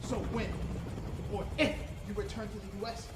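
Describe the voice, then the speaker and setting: A man playing a calm, defiant prisoner of war who argues firmly with his captor. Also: high voice, normal speed, natural voice. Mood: challenging. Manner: calm, firm, argumentative. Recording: roomy echo, faint background hiss.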